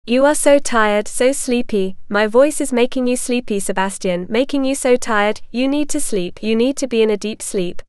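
A woman reading as a soft, slow-talking hypnotist. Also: a little high, smooth, no echo, studio quality, lightly acted. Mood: soothing. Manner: soft, slow, soothing repetition. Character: calm female hypnotist doctor, soothing and confident. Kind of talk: storybook reading.

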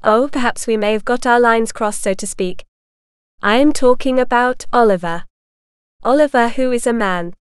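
A woman's voice: fairly high pitch, normal speed, clean tone, dry recording, clean studio sound, close to an everyday voice. A woman reading the part of a puzzled, exasperated man on the phone, with incredulous questions. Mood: bewildered.

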